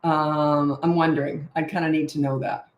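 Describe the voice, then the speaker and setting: A middle-aged woman with a lowish voice talks casually on a live stream as a parenting coach. She is chatty and blunt, laughs easily, and sounds like she is in an echoey room. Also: level tone, moderate pace. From Canada. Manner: chatty, laughs often, blunt no-nonsense advice.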